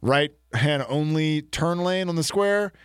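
A man's voice: on the high side, slow pace, clean tone, no echo. A man co-hosting a community radio sports show in casual banter, joking with dry self-mocking asides, his voice a bit stuffed up from allergies.

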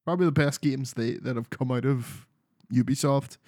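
A man's voice: mid-range voice, moderate pace, darkish tone, no echo, clean studio sound. A man chatting casually about video games as a podcast co-host, rambling and swearing freely. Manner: sweary, rambling, restarts a lot.

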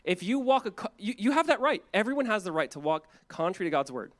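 A man preaching a sermon with a slightly high voice. He talks in a loose, conversational way, acting out quotes with lively swings in his voice. His delivery stays animated and direct. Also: quick pace. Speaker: pastor.

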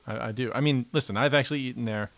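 A man's voice: medium pitch, racing, creaky, a bit bright, no room sound. A man co-hosting a podcast, teasing his co-host playfully and laughing often. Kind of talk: casual chat.

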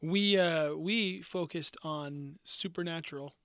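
Brief: high-pitched man, podcast co-host, rambling, dry close mic. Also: takes it slowly, a bit bright, clean tone, dry recording. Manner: rambling, self-correcting storyteller. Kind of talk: casual podcast chat.

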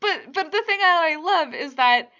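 A woman's voice: very high voice, lively intonation, a little slow, sharp tone. A young woman co-hosting a podcast, chatting animatedly about movies, swearing and laughing often. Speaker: podcast co-host. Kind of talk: casual chat about movies. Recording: dull lo-fi sound.

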